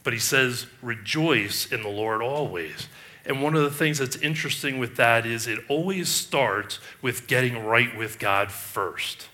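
Male preacher with a bright, forceful voice; emphatic sermon delivery with restarts. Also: medium pitch, unhurried. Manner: emphatic, rhetorical questions, frequent restarts. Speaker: pastor.

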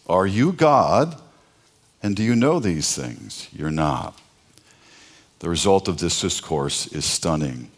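A middle-aged man preaching a sermon, telling personal stories with asides and rhetorical questions. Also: deep voice. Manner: conversational storytelling with pauses, asides and rhetorical questions. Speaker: pastor.

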